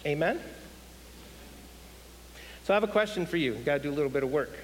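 A man with a slightly high voice preaches in an animated way and keeps putting questions to his listeners. His voice rings out in a hall with a long reverb tail. A faint hiss sits under the recording. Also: quick pace. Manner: animated, asks the audience questions. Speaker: guest speaker. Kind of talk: sermon.

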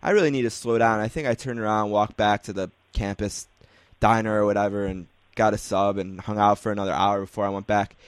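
Male host, lowish voice, easygoing storyteller asking casual questions. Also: fairly quick, clear, resonant tone, no room sound. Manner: relaxed, rambling storyteller. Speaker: podcast host interviewing players. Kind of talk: casual interview chat.

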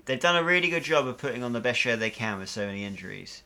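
A man's voice: medium pitch, lively intonation, quick pace, pushed and bright. A man in casual podcast chat, opinionated and rambling, with frequent restarts. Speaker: podcast co-host.

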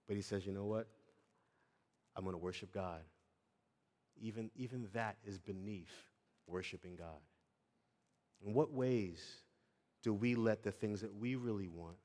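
A man's voice: fairly low pitch, darkish tone. Earnest male preacher in a reverberant hall. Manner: earnest, dynamic preaching with rhetorical questions. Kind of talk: sermon.

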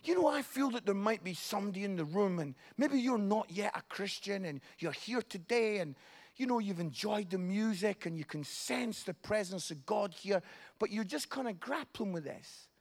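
A man preaching a sermon, telling jokey, animated stories. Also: high-pitched, normal speed.

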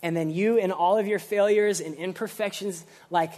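A man preaching a casual, energetic sermon, using slang and swinging between loud emphasis and quiet reflection. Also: high voice, moderate pace, hardly any pauses. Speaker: pastor.

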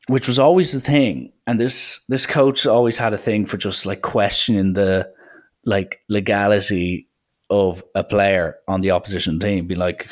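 An Irish podcast host tells stories in a casual, chatty way. His voice sits a little low for a man. He fills his talk with "like" and keeps it loose and animated. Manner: chatty, animated, full of "like" and acted quotes. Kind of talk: casual storytelling.

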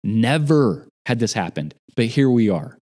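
A man in casual chat, telling an animated story about a job gone wrong. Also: mid-range voice, measured pace. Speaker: podcast guest.

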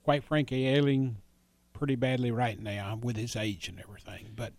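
A man's voice: mid-range voice, fairly even intonation, normal speed, a little mellow, no echo. Man talking reflectively in conversation. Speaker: interviewer, columnist. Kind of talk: casual conversation.

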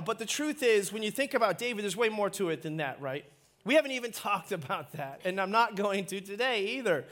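A man's voice: sits high, a bit bright. A man preaching a sermon as the pastor, playful and self-mocking, joking with the congregation and calling for responses.

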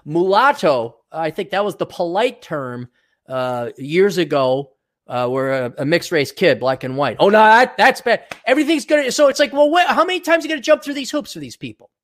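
A man with a slightly higher voice rants through a solo podcast. He swears freely and sneers at people he mocks. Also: lively intonation, moderate pace, a bit bright. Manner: profane, sarcastic, ranting; mock voices for people he ridicules. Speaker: podcast host.

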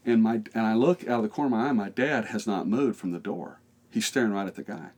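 A man with a low voice tells a story in a podcast interview, full of energy. He acts out the voices of the people in it and laughs as he goes. He is an American pastor in middle age. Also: fast talker, a little mellow, slightly rough.

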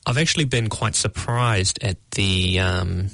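A young man, answering interview questions about his art in a measured, thoughtful way, often searching for words. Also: on the low side, fairly bright tone, no room sound. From New Zealand. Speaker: guest artist.

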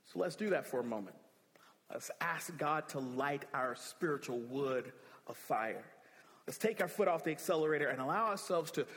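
A man's voice: on the high side, big-room sound. A man preaching a sermon as pastor, emphatic, repeating key phrases with rising emphasis.

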